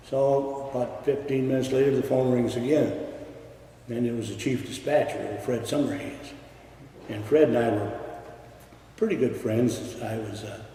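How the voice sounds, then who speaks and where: A man's voice: mid-range voice, mellow, very echoey, in a large hall, distant mic, a little hiss or hum, rough recording. An older man telling his own work stories in an oral history interview, blunt and salty, with plenty of cursing. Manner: salty storytelling with swearing. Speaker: retired railroad worker.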